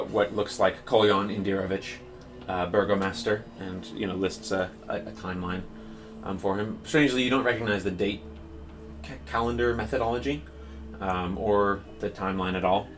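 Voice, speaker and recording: A man's voice: on the low side, steady tone, normal speed, a bit bright, faint music behind. A man narrating a tabletop game as dungeon master, describing scenes in a rambling way with many fillers.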